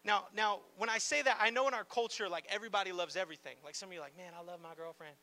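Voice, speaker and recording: Very high-voiced, sharp-toned male preacher. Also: racing. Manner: animated and conversational, with playful asides and frequent "like" fillers. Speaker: pastor. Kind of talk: sermon. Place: church gathering in a large room.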